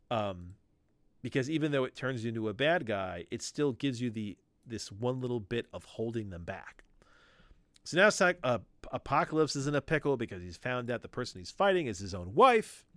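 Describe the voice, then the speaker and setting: A man's voice: medium pitch, big pitch swings, moderate pace, no room sound. A man hosting a podcast from home, chatting casually and telling a story with lots of swearing and acted-out quoted lines. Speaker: podcast host. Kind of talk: casual chat about comics.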